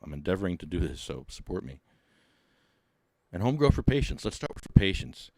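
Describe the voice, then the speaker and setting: A man's voice: deep voice, big pitch swings, brisk, vocal fry, darkish tone, no echo, clean studio sound. A man hosting a podcast in casual chat, jokey and laughing as he talks in bursts. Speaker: podcast host.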